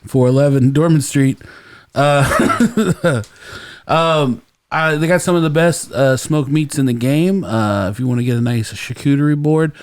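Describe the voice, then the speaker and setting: A man's voice: fairly high pitch, a little slow, clean tone, no room sound. Laid-back man hosting a podcast. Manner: rambling storyteller, laughs often. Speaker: podcast host. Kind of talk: casual comedic chat.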